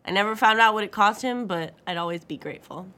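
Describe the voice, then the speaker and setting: Woman narrator, mid-pitched, wry first-person storytelling. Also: fast, pushed and bright.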